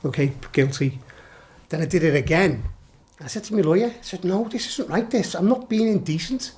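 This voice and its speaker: A man's voice: high voice, normal speed, a little mellow. A middle-aged man with a Liverpool accent, swearing and laughing his way through rambling stories as a podcast guest. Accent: Liverpool (Scouse). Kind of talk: casual anecdotal chat.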